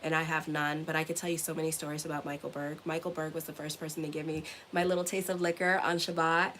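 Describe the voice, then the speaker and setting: A woman's voice: deep voice, little pitch movement, quick pace, fairly bright tone, slight background noise, poor audio. A woman giving a casual tarot reading to her viewers, rambling and chatty, often ending lines with "okay?". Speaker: tarot reader and astrologer.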